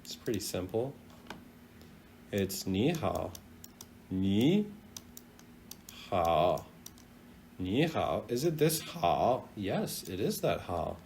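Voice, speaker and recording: A man teaching a casual video language lesson, chatty and animated, drawing out sounds as he demonstrates them. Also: on the low side, slight background noise. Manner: lively, chatty, drawn-out demonstration of tones.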